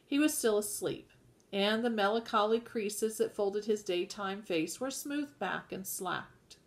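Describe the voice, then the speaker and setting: Unhurried woman narrator reading a novel aloud, measured, medium pitch. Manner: measured, occasional self-corrections. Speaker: audiobook reader.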